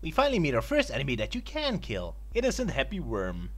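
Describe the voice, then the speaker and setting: A man riffs sarcastically on a retro video game, his voice swinging widely up and down. He has a bright, forceful tone and yelps at the screen as he plays. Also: mid-range voice, huge pitch swings, fast talker. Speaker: game reviewer. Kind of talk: comedic game review commentary.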